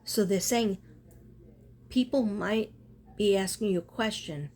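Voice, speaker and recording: A woman's voice: medium pitch, a little slow, a little mellow. A woman chatting casually in a spiritual vlog, rambling and earnest, often breaking off and restarting. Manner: rambling, self-interrupting, earnest. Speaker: spiritual artist and vlogger.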